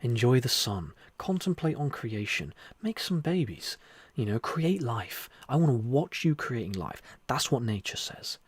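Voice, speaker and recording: A man's voice: mid-range voice, very animated, unhurried, breathy edge, no room sound. Earnest man hosting a meditation livestream. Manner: earnest, repetitive, soft-spoken. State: whispering softly. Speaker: livestream host. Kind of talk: spiritual livestream talk and guided meditation. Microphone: close microphone.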